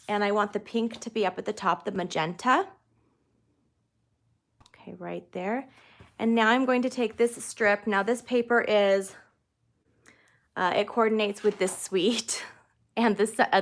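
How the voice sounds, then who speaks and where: A woman's voice: medium pitch, a bit bright. A woman hosting a live card-making tutorial, chatting casually and greeting viewers as she works in her craft room. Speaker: card-making demonstrator and host.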